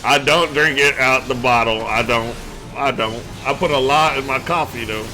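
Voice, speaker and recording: A man streaming a game live, chatting casually in a loud, profane, joking way. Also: mid-range voice, normal speed, soft background music. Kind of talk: casual livestream chat while gaming.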